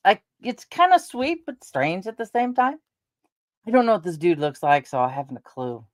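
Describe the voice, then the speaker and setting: A woman's voice: mid-range voice, very animated, normal speed, dry recording. A middle-aged woman chatting casually to her viewers, rambling through personal stories and laughing along the way. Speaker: vlogger.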